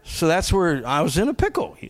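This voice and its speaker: A man preaching a conversational sermon in a folksy, joking way, laughing often and swinging from quiet asides to loud punchlines. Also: a little high, big pitch swings, a little fast.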